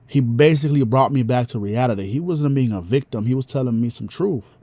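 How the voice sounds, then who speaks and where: A man talks in a loose, rambling monologue full of slang and restarts. His voice is mellow and warm. The recording is dry and close, with no room sound. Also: mid-range voice, a little fast, hardly any pauses, dry recording. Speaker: vlogger. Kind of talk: casual monologue.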